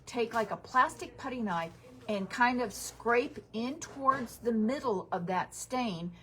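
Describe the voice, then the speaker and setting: A woman's voice: on the high side, animated, measured pace, sharp tone. Chatty woman giving home advice. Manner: chatty, practical, down-to-earth explaining. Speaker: hardware store radio show host. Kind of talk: call-in home advice radio talk.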